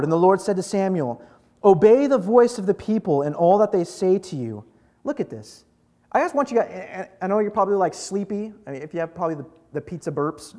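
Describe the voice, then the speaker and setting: Young male preacher, high and very animated voice, jokey and conversational with the crowd. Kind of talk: casual sermon to a live group.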